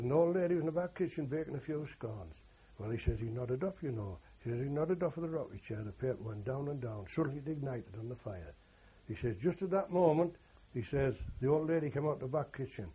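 A man's voice: mid-range voice, warm tone, slightly rough. An older man, a war veteran telling rambling oral history anecdotes and quoting others with "he says". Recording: dull lo-fi recording.

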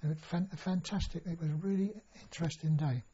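An older man recounts his memories at an unhurried, wandering pace, pausing on fillers and restarting his sentences. His voice sits a little high for a man, yet it sounds mellow and husky. The recording itself is dull and lo-fi. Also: steady tone. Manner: rambling storytelling with many fillers and restarts. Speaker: interviewee. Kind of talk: oral history reminiscence.

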